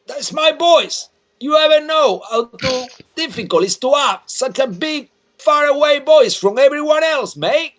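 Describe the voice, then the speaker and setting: A man voicing a huge, loud male half-giant who works as a carnival barker, brash and calling everyone mate. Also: very high-pitched, expressive, a little slow, voice pushed up, full character voice.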